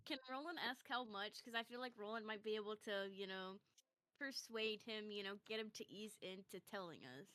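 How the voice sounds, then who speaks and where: A woman's voice: medium pitch, moderate pace, fairly bright tone, dry recording. A woman playing a tabletop game, chatting in a playful, giggly way. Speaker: player. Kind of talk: casual tabletop game chat.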